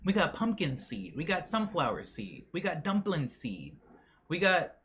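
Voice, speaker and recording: A man doing a pushy back-alley seed peddler who works the customer hard. The voice sits up high and swings around a lot as he rattles off what he has to sell. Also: very animated, measured pace, a bit bright, slight background noise. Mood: hustling. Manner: pushy, salesman-like hustle. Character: shady male seed dealer peddling from coat pockets.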